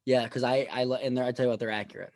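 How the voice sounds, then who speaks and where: A man's voice: medium pitch, racing, no room sound. Dry-joking man from upstate New York. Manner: deadpan storytelling, dry jokes. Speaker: podcast co-host. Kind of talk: casual chat.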